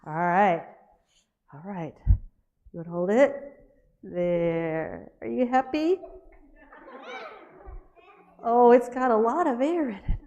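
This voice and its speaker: A woman telling a playful children's story with a puppet at a church service, animated and laughing as she coaxes and scolds. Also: mid-range voice, takes it slowly, long pauses.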